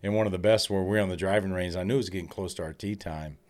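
A middle-aged man, a former pitcher, telling stories in casual chat and laughing through his punchlines. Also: steady tone, very fast, darkish tone. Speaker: retired baseball pitcher guest.

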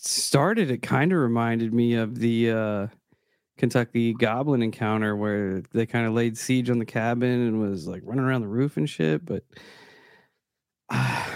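A man's voice: mid-range voice, darkish tone, no echo, studio quality. A man hosting a paranormal call-in podcast, reacting to a caller in a laid-back way with sighs and casual swearing. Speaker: podcast host. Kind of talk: casual chat.

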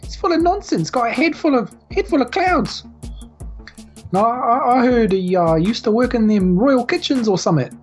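A woman's voice: a little high, animated, moderate pace, faint music behind, voice pushed up, lightly acted. A woman doing a chatty, superstitious guard. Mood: gossipy. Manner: slangy, rambling gossip.

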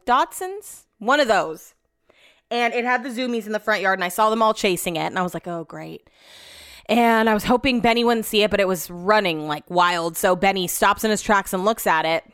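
A woman's voice: mid-range voice, fairly bright tone, smooth, dry recording, studio quality. Swearing woman venting on her podcast. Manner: venting, swears freely, rambling. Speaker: podcast host. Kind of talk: casual solo podcast monologue. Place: home office.

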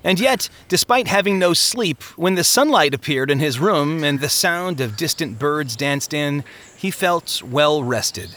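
Bright male audiobook narrator. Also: a little high. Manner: measured, expressive reading.

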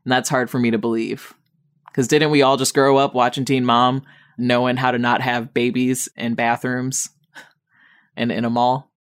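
A woman hosts a casual TV-review podcast, rambling with plenty of fillers and a wry, exasperated edge. She is high on weed as she talks. When she mocks someone her pitch leaps sharply upward. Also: flat delivery, normal speed. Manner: wry, exasperated, jumps high for mock quotes. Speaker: podcast host.

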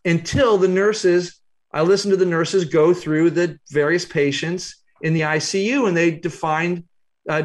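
A man, an author guest, telling a reflective story in an interview, unhurried and halting with fillers. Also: sits high.

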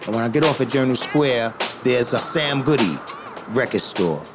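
A middle-aged man telling a story casually, profane and animated, acting out other people's voices. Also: mid-range voice, normal speed. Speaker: hip hop artist. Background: music.

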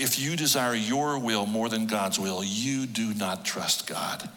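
A middle-aged male pastor preaching a sermon, telling stories with emotion that swings from hushed to loud. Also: medium pitch, a little slow, big-room sound. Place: church hall.

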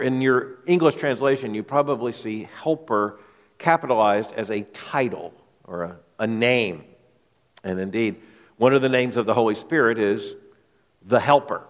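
A man's voice: mid-range voice, normal speed. A male pastor preaching an expository sermon to his congregation, emphatic, often repeating words as he thinks aloud. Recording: long hall reverb.

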